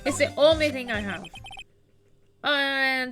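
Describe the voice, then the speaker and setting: A woman's voice: a little high, lively intonation, moderate pace. A woman streaming a game live, chatting and making amused asides to viewers over game music.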